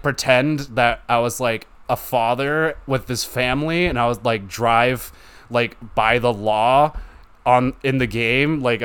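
A young man with a mid-range, fairly bright, clean voice hosts a solo gaming podcast. He rambles casually, swearing a lot and filling his speech with "like."

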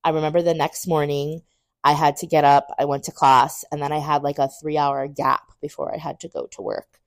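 Podcast co-host in her twenties with a low, dry voice. Candid storyteller who animates the dialogue she quotes. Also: brisk, no room sound. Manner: animated, acts out quoted dialogue with big pitch jumps; candid, swears casually. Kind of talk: personal storytelling.

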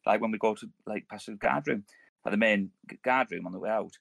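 An army veteran hosting a podcast tells rambling war stories in casual, sweary banter, restarting sentences and cursing heavily. His voice is fairly low, fast, creaky and a bit bright, with no room sound.

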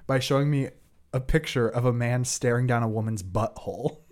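A man's voice: mid-range voice, brisk, darkish tone. A man in his twenties co-hosting a podcast, chatting casually with a laid-back, dryly joking manner. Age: 20s. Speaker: podcast co-host. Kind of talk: casual chat.

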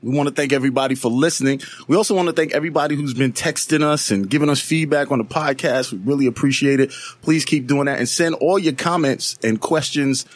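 A man's voice: medium pitch, fast, few pauses, dry recording. A man hosting a podcast in casual chat, easygoing and leading the talk. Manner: easygoing, leads the show. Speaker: podcast host.

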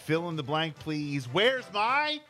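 A man's voice: a little high, sing-song, takes it slowly, bright, forceful tone, soft background music. A man hosting a call-in game show on the radio, upbeat and laughing easily.

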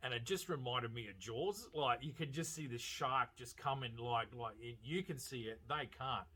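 A man giving a casual, animated movie review, swearing freely and laughing as he retells scenes. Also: medium pitch, normal speed, breathy edge. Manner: animated, profane, laughing storyteller. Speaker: film reviewer.

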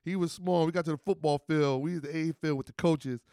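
A man hosting a podcast, telling stories in a casual, animated way, acting out what people said and swearing freely. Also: a little high, fast talker, clear, resonant tone. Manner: animated, acts out quoted voices, swears freely. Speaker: podcast host. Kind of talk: casual storytelling chat.

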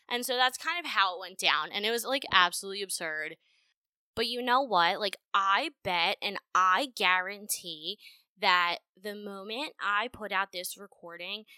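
A young woman with a bright, crisp voice talks straight into a close, dry mic. She hosts a podcast and tells her stories in a blunt, profane, animated way. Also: medium pitch, no echo. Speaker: podcast host. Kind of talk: casual storytelling monologue.

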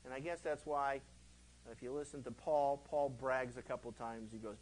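A pastor of middle age teaches through scripture in a loose, chatty way, bringing the story to life. His voice sits at an everyday middle pitch, and he slips into voices when acting out the quotes he tells. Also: normal speed, poor audio. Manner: conversational, animated, acts out quotes. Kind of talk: verse-by-verse Bible teaching.

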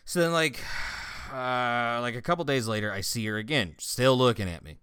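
A man's voice: medium pitch, moderate pace, clean tone, dry recording, clean studio sound. A man telling stories in a casual, profane chat with a friend, often laughing. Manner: profane, laughing, animated storytelling. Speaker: friend chatting.

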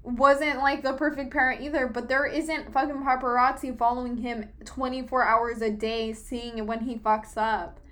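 Young female co-host with a bright high voice, loose and rambling. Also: flat delivery, normal speed, few pauses. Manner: rambling, filler-heavy, swears freely. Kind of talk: casual chat.

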